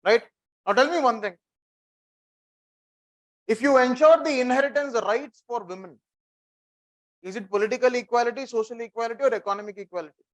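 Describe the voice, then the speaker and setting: A man with an Indian English accent teaching a classroom lecture. He repeats key phrases for note-taking and quizzes his students. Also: sits high.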